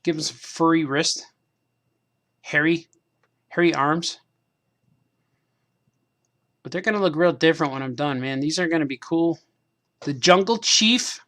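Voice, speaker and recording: A man's voice: a little high, measured pace, long pauses, a bit bright. A man talking to himself in a loose, meandering way while he paints toy figures, repeating phrases and laughing at himself. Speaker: cartoonist hosting a craft stream. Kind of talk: casual rambling monologue while painting figures.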